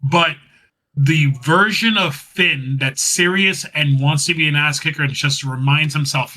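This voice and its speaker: A man's voice: a little high, steady tone, normal speed, sharp tone, poor audio. A man co-hosting a podcast, casually recapping wrestling, rambling and laughing as he acts out what was said. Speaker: podcast co-host.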